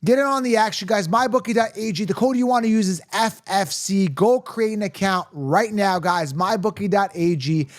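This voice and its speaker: A man hosting a casual sports podcast, energetic and hype-driven, laughing often. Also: high-pitched, moderate pace, hardly any pauses, no room sound, clean studio sound. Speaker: podcast host.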